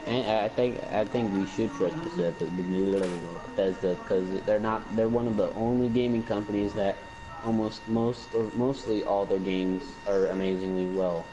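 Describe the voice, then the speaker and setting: A low-pitched man talking loosely about a game, tripping over and repeating his words as he jokes around. Game music plays clearly underneath his voice. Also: fairly even intonation, moderate pace, highs cut off. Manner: rambling, jokey, repeats words, mock drawl. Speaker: co-host of a game review. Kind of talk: casual chat.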